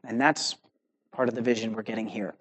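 A man preaching a sermon to a congregation, earnest and emphatic, slowing on key words and checking in with "right?". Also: lowish voice, fairly even intonation, fairly bright tone. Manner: earnest preaching with emphatic rising phrases and slow stressed words; uses filler "right?" and "okay?" to the congregation. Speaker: pastor.

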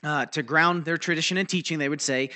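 Briskly and with a forceful tone, a man whose voice is a little high and bright preaches a teaching sermon on a Bible passage. He explains it loosely, restarting and using fillers, and frequently asks listeners "right?" or "okay?"

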